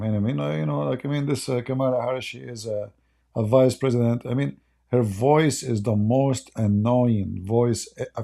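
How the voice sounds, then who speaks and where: This man speaks in a gravelly, warm, mid-range voice. He's an online commentator with Arabic as his first language, and his casual monologue rambles along in broken English, full of jokes and mockery.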